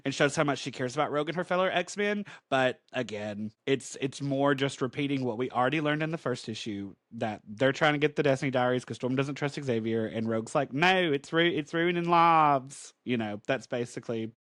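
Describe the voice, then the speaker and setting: A man from the Southern United States, co-hosting a podcast and recapping a comic in a casual, animated way with offhand swearing. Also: medium pitch, fairly quick, hardly any pauses, no echo, studio quality. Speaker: podcast co-host.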